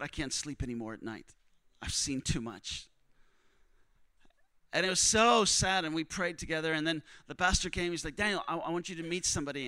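High, bright-voiced man telling a story. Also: clear, resonant tone, no echo. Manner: emotional, quotes others in hushed voices. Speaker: missionary preacher. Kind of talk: sermon storytelling.

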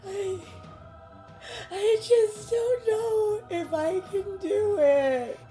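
A woman's voice: very high voice, very slow, dark tone, faint music behind, voice pushed up, heavily acted. A woman voicing a terrified young woman on the verge of tears in a mock movie trailer, speaking hesitantly. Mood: tearful fear. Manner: tearful, trembling, hesitant.

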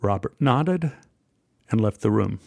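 A middle-aged man telling a personal story in an earnest, measured and heartfelt way. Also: on the low side, expressive, gravelly, a little mellow, dry recording, studio quality.

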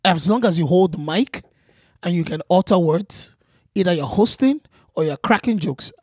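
A man's voice: sits high, animated, normal speed, husky, no echo, clean studio sound. A man, a comedian guest on a podcast, talking earnestly about his craft and repeating his key points. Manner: earnest, advice-giving, repeats phrases. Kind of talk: casual interview chat.

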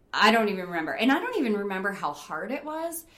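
A middle-aged woman from upstate New York telling stories in a casual interview, animated, laughing often and using lots of fillers. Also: medium pitch, fairly quick, roomy sound. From Rochester, New York. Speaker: interview guest, rock climber.

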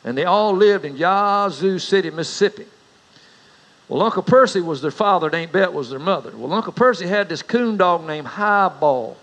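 A middle-aged man with a drawl delivers a sermon, weaving in homespun stories with a folksy touch. His voice sits somewhat high for a man. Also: animated, moderate pace, a bit bright, poor audio. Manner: folksy storyteller, rises in pitch for anecdotes. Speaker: pastor.

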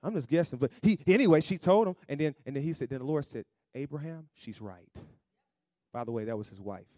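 A man's voice: lively intonation, racing, no room sound, studio quality. Man preaching with call-and-response. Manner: call-and-response preaching, rising to loud emphatic peaks then dropping low; acts out quoted voices in asides. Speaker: pastor. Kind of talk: sermon.

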